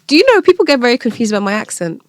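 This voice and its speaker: Animated young woman, Nigerian-British accent. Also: a little high, very fast, no echo, clean studio sound. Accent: Nigerian with a British overlay. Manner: animated storyteller, acts out quoted voices. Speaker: podcast guest. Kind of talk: casual chat.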